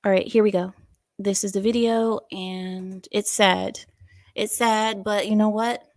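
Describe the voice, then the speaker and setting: A woman hosting a livestream, chatting casually and reading out viewer comments in an animated, talkative way. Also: mid-range voice, a little slow, no room sound. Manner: chatty, animated, breaks into silly voices and laughs. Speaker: livestream host.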